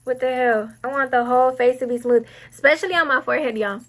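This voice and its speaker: Chatty high-voiced young woman. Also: fast, a bit bright. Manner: chatty, rambling, gets sidetracked. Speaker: beauty vlogger. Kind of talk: casual get-ready-with-me chat.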